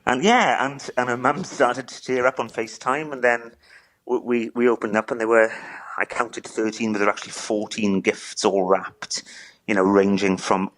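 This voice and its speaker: A man recounting a neighbour's gift, halting and repeating words as he chokes up. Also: mid-range voice, fairly even intonation, fairly bright tone, no echo, rough recording. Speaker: interviewee, neighbour telling a story. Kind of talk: emotional phone interview.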